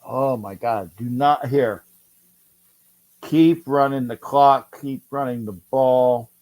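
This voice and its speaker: Slow-talking excitable man calling a game. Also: mid-range voice. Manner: excitable, urging and repeating himself. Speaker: livestream host. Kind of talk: live game-watch commentary with chat.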